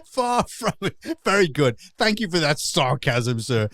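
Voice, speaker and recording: A man's voice: on the high side, very animated, measured pace, a bit bright, no room sound, clean studio sound. A man hosting a casual satirical chat show, ranting and sarcastic and laughing often. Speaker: pub landlord host. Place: online show.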